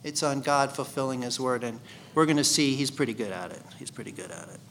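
A man's voice: medium pitch, lively intonation, a little fast, gravelly, fairly bright tone, a little hiss or hum. A man teaching a Bible study sermon in a conversational way, asking his listeners questions. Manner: conversational, asks the congregation questions.

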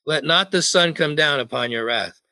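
Bright-voiced man preaching with humor. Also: a little high, moderate pace, no echo. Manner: jokey, asks the congregation questions. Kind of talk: sermon.

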